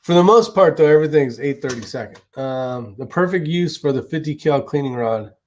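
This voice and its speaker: A man's voice: on the high side, fairly quick, darkish tone, a little hiss or hum. Chatty man hosting a live stream. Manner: chatty, rambling, swears casually. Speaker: livestream host. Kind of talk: casual live chat reading viewer comments.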